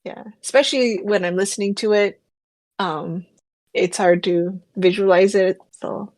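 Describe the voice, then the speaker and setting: A woman's voice: medium pitch, fairly even intonation, measured pace, a little mellow, dry recording. A woman co-hosting a podcast in casual chat, teasing and laughing often. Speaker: podcast co-host.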